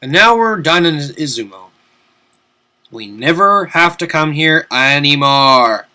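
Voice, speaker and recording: A young man giving casual, rambling commentary over a video game from his desk at home, swearing now and then and breaking into loud outbursts. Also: a little high, expressive, slow. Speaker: let's play commentator.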